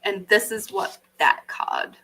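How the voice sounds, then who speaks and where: An Australian woman hosting a live card reading, animated, swearing freely and laughing often. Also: slow pace, poor audio. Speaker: intuitive card reader, podcast host.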